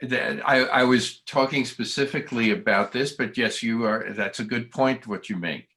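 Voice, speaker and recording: A man leading a text study group on a video call, halting and full of restarts. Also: mid-range voice, sharp tone.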